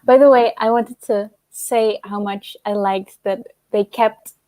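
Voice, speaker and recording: A woman's voice: medium pitch, fairly even intonation, a little slow, warm tone, no echo. A woman hosting a casual online book club discussion, chatty and giggly, often trailing off with fillers. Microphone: video call.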